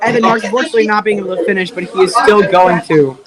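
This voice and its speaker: A young man with a very high voice calls the action as a commentator, his delivery excitable and quickening into repeated calls as races tighten. He is recorded in a noisy indoor room, with a chanting, cheering crowd loud behind him. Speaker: race commentator. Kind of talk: live play-by-play commentary.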